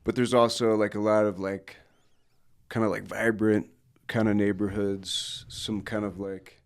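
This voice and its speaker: A man's voice: on the low side, level tone, a little slow, clear, resonant tone. A young man from the Denver area, a musician guest chatting casually and agreeably on a podcast, with lots of fillers. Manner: easygoing, agreeable, many fillers. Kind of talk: casual chat.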